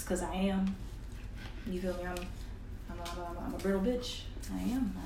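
A woman's voice: lowish voice, steady tone, moderate pace. Blunt slangy young woman, off-mic. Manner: blunt, slangy, swears freely. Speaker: podcast co-host. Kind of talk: casual chat. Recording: distant mic in an echoey room with noise.

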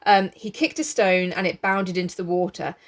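A woman's voice: lowish voice, fairly even intonation. Laid-back woman reading and chatting. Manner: laughing, sweary, breaks into quick character voices. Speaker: book club co-host reading aloud. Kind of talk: casual chat with read-aloud passages.

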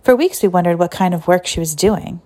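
A woman narrating a story in a steady, even reading voice. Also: fairly low pitch, fairly quick. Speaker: audiobook narrator.

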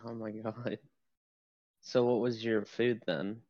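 A woman in casual chat, blunt and quick to swear, laughing along. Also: a bass voice, steady tone, dark tone, dry recording. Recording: dry, dull lo-fi sound.

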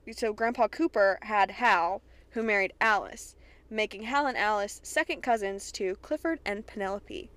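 A young woman from Kentucky hosting a podcast, recapping a TV episode in an excitable, chatty way with plenty of swearing. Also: medium pitch, clean tone, no echo. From Kentucky, USA. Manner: chatty, profane, excitable retelling. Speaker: podcast host.

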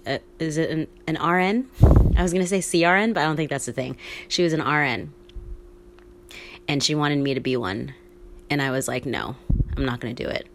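Female podcast host, low voice, hushed half-whisper, candid and chatty, swears freely. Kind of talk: casual solo podcast monologue.

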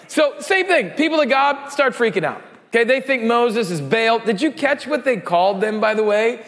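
A man in his thirties, a pastor giving a sermon, telling stories in an animated way with loud excited peaks. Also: very high-pitched, normal speed, hardly any pauses, long reverb tail.

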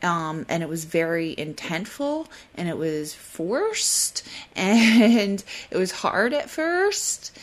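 Fast-talking woman hosting a solo podcast. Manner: fast, excitable talker who slows herself down; mimics flustered apologies in a high voice. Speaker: podcast host. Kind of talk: casual solo podcast talk.

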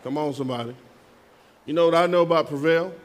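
A man's voice: a little high, fast talker. A man preaching a sermon as pastor, calling out to the congregation for responses and slipping in playful asides.

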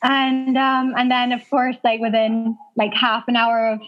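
A woman's voice: on the high side, completely flat delivery, a little slow. A woman in her thirties telling a personal story as an interview guest, chatty, using lots of "like" fillers and laughing often. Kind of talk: casual storytelling. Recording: dull lo-fi sound.

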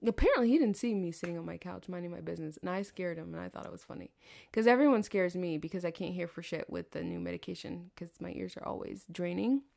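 A woman's voice: on the low side, sing-song, fast talker, vocal fry, a little mellow. A young adult woman from the American South telling a rambling story in a chatty monologue, swearing freely and laughing often. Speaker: podcast host.

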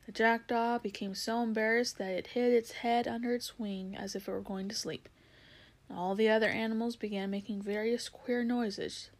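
A woman reading a storybook aloud, calm and measured. Her delivery is gentle and unhurried, with the odd small slip she corrects as she goes. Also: medium pitch. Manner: measured, gentle, occasional slips. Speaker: reader.

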